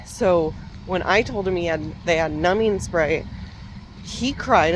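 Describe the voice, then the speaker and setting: A woman coach telling a candid personal story in a reflective, unhurried way, with soft laughs and restarts. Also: lowish voice, slight background noise. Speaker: parenting coach.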